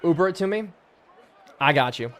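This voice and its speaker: A hoarse man in his twenties from Pennsylvania, giving hyped live game-stream commentary and chatting with viewers. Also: a little high, expressive, moderate pace, a bit bright. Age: 20s.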